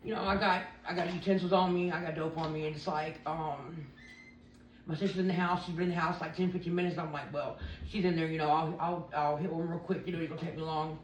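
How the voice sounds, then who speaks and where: A woman's voice: low voice, fairly even intonation, fast, a little hiss or hum. A woman telling a candid personal story in a rambling way, quoting what others said along the way. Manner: rambling, quotes others' lines. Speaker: interviewee sharing a recovery story. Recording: roomy sound from a distant mic.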